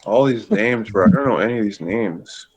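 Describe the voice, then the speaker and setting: A young man from Florida trades dry jokes in a casual chat. His voice sits at a middle pitch, and he swears offhandedly. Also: wildly swooping pitch, normal speed, gravelly, slightly rough. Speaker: co-host friend.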